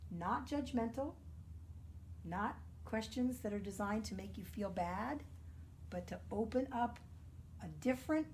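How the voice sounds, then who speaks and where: A woman minister giving a gentle, earnest spiritual talk, sometimes dropping to a soft near-whisper. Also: on the high side, slight background noise.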